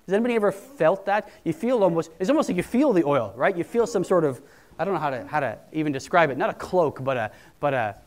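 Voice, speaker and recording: High-voiced pastor preaching. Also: male voice, animated, fast, a little mellow. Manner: conversational, emphatic, quoting people in put-on voices. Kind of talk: sermon.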